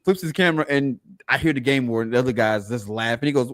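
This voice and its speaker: A man, a podcast host, telling a lively anecdote and acting out the lines of the people in it. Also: mid-range voice, quick pace, no room sound. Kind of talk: casual storytelling chat.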